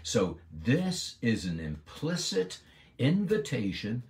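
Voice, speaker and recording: A man's voice: low voice, lively intonation, a little slow. A man giving an earnest devotional Bible lesson, stressing key words with emphasis. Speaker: Bible teacher.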